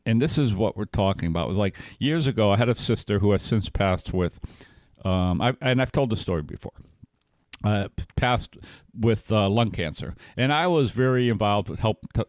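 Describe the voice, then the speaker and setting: A man's voice: fairly low pitch, a little mellow, no room sound. A middle-aged man, co-hosting a recovery podcast, telling a personal story in a rambling way, often checking in with "right?". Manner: rambling, frequent restarts and "right?" tags. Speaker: podcast co-host.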